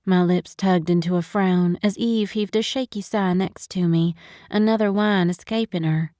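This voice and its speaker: A woman reading a romance audiobook in a measured, gentle storytelling manner. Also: lowish voice, fairly even intonation, no echo, clean studio sound. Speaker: audiobook narrator. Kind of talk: scripted narration.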